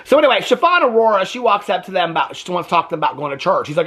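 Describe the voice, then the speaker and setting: Animated, gossipy male reaction host. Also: sits high, very fast, slightly rough. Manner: animated and gossipy, keeps asking "okay?"; laughs often while talking. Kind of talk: casual reality-TV reaction commentary.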